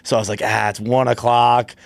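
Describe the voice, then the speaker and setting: A man's voice: medium pitch, flat delivery, creaky, dry recording. A man speaking as a podcast guest in casual chat, stammering through restarts as he tells a story. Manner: quick, stammering restarts, laughs often.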